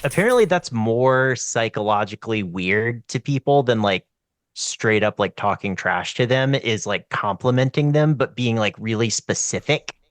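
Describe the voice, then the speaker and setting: A man from the American South in casual chat, telling stories in a relaxed, drawn-out way. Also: mid-range voice, no echo.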